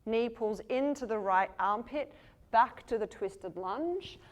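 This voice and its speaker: A woman leads a yoga flow, calling poses and breaths in a measured, slow cadence. Her voice sits slightly high, and she is breathing heavily as she moves through the poses with the class. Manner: calm cueing of poses and breath. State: breathing heavily while moving. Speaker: yoga teacher.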